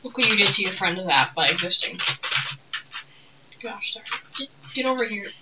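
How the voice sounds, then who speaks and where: A woman's voice: medium pitch, lively intonation, fast. A woman giving playful let's-play commentary while gaming, taunting the characters with mock rage. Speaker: gamer playing a video game. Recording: distant mic with loud background noise.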